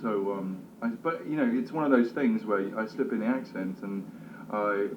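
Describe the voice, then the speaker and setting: A male actor talking about his role in a casual interview, thoughtful and relaxed, with many fillers and restarts. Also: lowish voice, moderate pace, background noise. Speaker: actor discussing his character. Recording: slightly dull, roomy recording.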